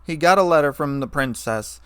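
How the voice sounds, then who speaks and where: A man's voice: on the high side, animated, clear, resonant tone, no echo, lightly acted. A man doing a fussy, impatient pony mare. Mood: brisk. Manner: brisk, explaining, impatient. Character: studious, fussy young female pony.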